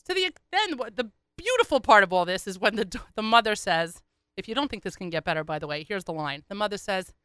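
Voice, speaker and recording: Bright chatty woman telling a story. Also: mid-range voice, fast, clean tone, dry recording. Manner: animated, chatty, laughing asides. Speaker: radio host and columnist. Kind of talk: comic storytelling.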